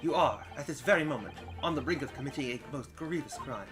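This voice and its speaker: A man voicing a theatrical gentleman detective, declaiming loudly and pompously during a game playthrough. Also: fairly high pitch, animated, quick pace, music in the background, lightly acted. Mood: grandiose. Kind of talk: let's play character reading.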